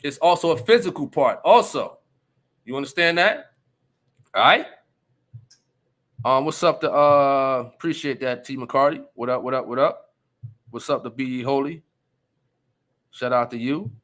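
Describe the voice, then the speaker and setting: A man's voice: medium pitch, a little slow, pauses often, fairly bright tone. A man hosting a casual commentary stream, reading viewer comments aloud and reacting emphatically, often checking in with his listeners. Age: adult. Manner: emphatic, repeats "you understand?", reads chat aloud.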